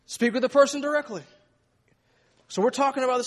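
A man's voice: very high-pitched, a little fast, long reverb tail. A man preaching a sermon in an emphatic way, often repeating words as he goes.

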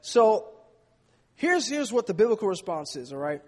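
A man's voice: high voice, sing-song, moderate pace, in a large hall. A man preaching a sermon in an emphatic way, often repeating words as he goes.

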